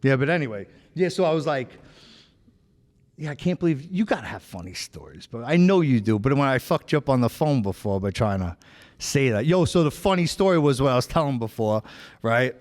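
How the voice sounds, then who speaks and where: With a mid-range, somewhat dark voice, a New Yorker hosting a podcast talks animatedly and fairly quickly. His stories are rambling and profane, peppered with "right?" and "bro," and a long hall reverb hangs over the casual conversation.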